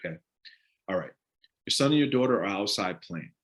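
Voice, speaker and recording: On a live stream, a male discussion leader runs an interactive talk in a lowish, fairly quick voice. His delivery is animated, with pitch that rises and falls, and he keeps putting direct questions to his listeners.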